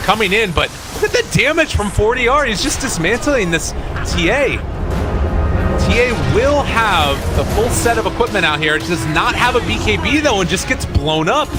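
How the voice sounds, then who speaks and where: A man giving live play-by-play commentary on an esports match, with light banter. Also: high-pitched. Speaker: play-by-play caster.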